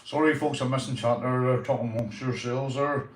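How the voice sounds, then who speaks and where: A man's voice: medium pitch, steady tone, a little fast, roomy sound, recorded from a distance, slight background noise. A Northern Irish man hosting a casual livestream, chatting to viewers and telling sweary stories. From Northern Ireland. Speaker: livestream host.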